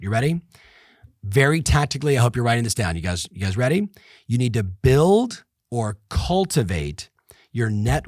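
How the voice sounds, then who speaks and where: A middle-aged man hosting a podcast, giving an energetic motivational business talk that repeats points and speaks straight to listeners. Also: mid-range voice, no room sound, clean studio sound. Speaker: podcast host and business coach.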